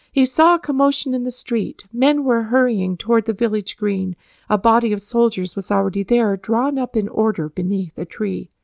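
A woman narrating a historical storybook in a calm, measured reading voice. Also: on the high side, gravelly, dry recording.

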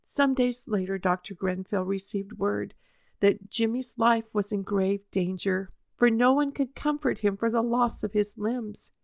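A woman reading a children's story aloud in a measured, expressive way. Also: mid-range voice, creaky, no echo, clean studio sound.

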